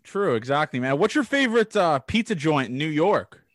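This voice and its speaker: A young man from Toronto hosting a loose conversation, talking in a fairly high voice with excitable, over-the-top enthusiasm. His voice sits close and dry, with almost no room sound. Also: brisk, no echo. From Toronto, Canada. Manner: enthusiastic, hyperbolic, swears casually. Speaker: podcast host. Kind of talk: casual chat.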